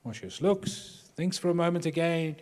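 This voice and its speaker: Unhurried and a little mellow, with a fairly high pitch, a Durban, South Africa man gives a storytelling talk at a pastors' workshop, performing the people in his funny anecdotes for a live audience. The large hall lends the recording a long reverb.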